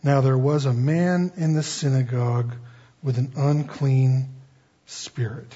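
Brief: male pastor, slow and husky, slightly high voice, folksy sermon on a dull lo-fi recording. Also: fairly even intonation, mellow. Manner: folksy, conversational asides.

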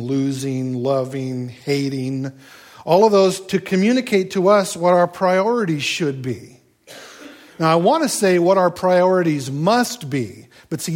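A man's voice: medium pitch, a little mellow. A man preaching a sermon in a conversational, folksy way, with asides and rhetorical questions. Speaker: pastor.

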